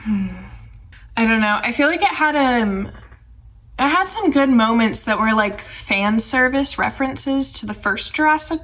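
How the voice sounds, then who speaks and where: A woman's voice: on the high side, lively intonation, a little slow, a bit bright, far from the mic. Chatty young woman, a bit off-mic. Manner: chatty, rambling, heavy use of "like", sarcastic asides. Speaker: film commentary YouTuber. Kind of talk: casual film review commentary.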